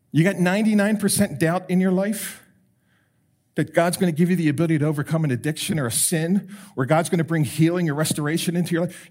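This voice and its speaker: A man preaching as a pastor, animated and rising to emphatic calls, with quoted prayers acted out. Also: fairly high pitch. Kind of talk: sermon.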